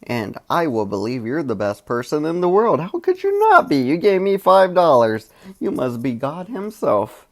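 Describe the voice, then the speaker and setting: A man voicing a pushy salesman who hawks cheap goods in a mocking, overblown pitch. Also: huge pitch swings, moderate pace. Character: pushy male huckster hawking cheap goods.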